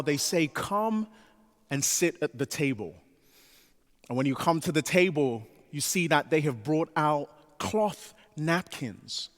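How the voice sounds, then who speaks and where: A man preaching a sermon as pastor, animated, with his voice rising to a pleading pitch as he voices the disciples. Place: church sanctuary. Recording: long reverb of a large church sanctuary.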